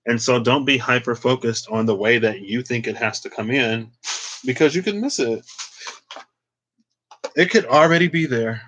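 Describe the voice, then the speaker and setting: A man's voice: medium pitch, normal speed, a bit bright, highs cut off. Chatty man giving a tarot reading. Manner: chatty, lots of "like" and playful asides. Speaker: tarot reader.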